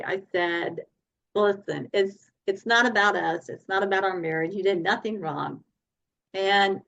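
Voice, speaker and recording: A woman guest telling her story in a podcast interview, animated and laughing often. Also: medium pitch, gravelly, highs cut off. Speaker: guest speaker and coach.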